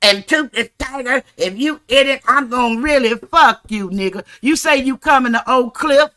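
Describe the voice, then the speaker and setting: Woman, livestream host, ranting, profane, bright voice. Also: high-pitched, moderate pace. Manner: angry, profane, confrontational.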